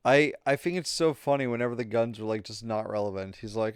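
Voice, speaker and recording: A man's voice: medium pitch, brisk, smooth, no room sound, studio quality. A man casually commenting while streaming a game, joking and talking to his chat. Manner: chatty, jokey asides to chat. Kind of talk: casual let's-play commentary.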